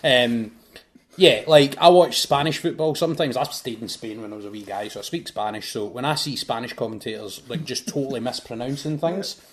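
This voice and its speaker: A Scottish man, a football commentator, chats on a podcast in an animated, storytelling way. His voice sits at an ordinary pitch for a man, and he talks casually with lots of asides. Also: a little fast. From Scotland. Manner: animated storyteller, bursts into shouted goal commentary.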